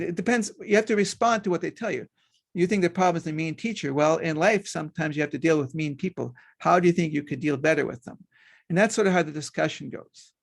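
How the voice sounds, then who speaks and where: A man's voice: on the high side, creaky. A middle-aged man, a hypnotherapist, giving parenting tips in a conversational way and acting out quoted dialogue. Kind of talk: instructional talk.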